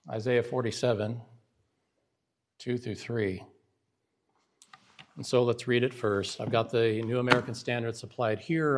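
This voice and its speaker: A male preacher giving a Bible lesson in sermon style, emphatic and often asking the audience rhetorical questions. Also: mid-range voice. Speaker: preacher teaching Bible syntax.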